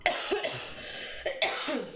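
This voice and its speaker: A woman's voice: very slow, pushed and bright. A young woman with a cough, leading a live-stream yoga class in casual chat, laughing often and swearing freely. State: has a cough. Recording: roomy room with faint music.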